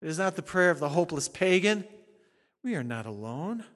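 Male pastor, fiery dramatic sermon delivery, a touch high-voiced, long church reverb. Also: very animated, a little fast. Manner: swings from shouting to hushed, dramatic preaching.

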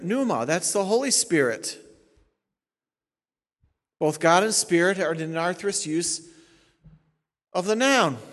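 A male pastor teaching a sermon, explaining Greek grammar point by point with emphatic stresses. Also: on the high side. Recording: long hall reverb.

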